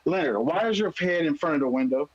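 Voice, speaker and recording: A man trading loud, threatening banter on a live stream. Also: fairly high pitch, lively intonation, fast, dull audio, crowd noise. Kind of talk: trash talk on a live stream.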